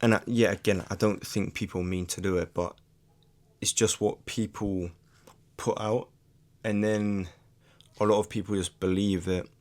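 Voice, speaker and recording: A man's voice: fairly low pitch, steady tone, unhurried, long pauses, a little mellow. A young man in a casual, reflective vlog monologue, speaking earnestly with frequent "like" fillers and restarts. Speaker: YouTuber.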